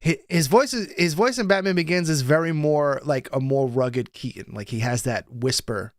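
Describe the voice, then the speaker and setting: A man co-hosting a casual podcast, chatting in an animated way and laughing often. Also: a little high, normal speed, no echo, clean studio sound. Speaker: podcast co-host. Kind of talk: casual chat.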